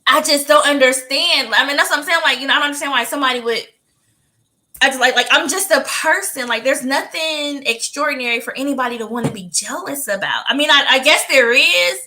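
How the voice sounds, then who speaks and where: A woman with a high, bright voice tells a story. She is animated, laughs often and acts out the lines of the people in her story. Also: a little fast. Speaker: podcast co-host. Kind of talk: casual chat, storytelling.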